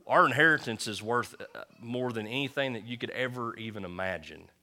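A man's voice: on the low side, a little fast, bright, forceful tone. A male pastor giving a conversational sermon, rallying his congregation with call-and-response. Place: church.

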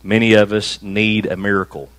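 A man preaching a conversational sermon to a small church room, slowing down to stress key phrases. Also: fairly low pitch, little pitch movement, fairly bright tone, no echo, low-quality recording. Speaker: pastor.

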